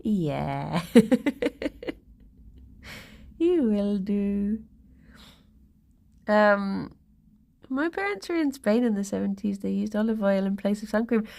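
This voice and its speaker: Giggly woman with vocal fry. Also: mid-range voice, animated, takes it slowly, long pauses, mellow. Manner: chatty and rambling, giggles often, reads chat aloud. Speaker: live streamer. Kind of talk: casual live-stream chat.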